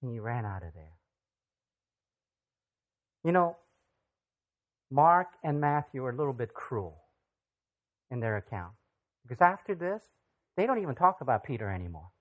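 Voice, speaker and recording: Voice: mid-range voice, big pitch swings, normal speed, long pauses. Conversational pastor preaching a sermon. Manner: conversational, asks the audience rhetorical questions.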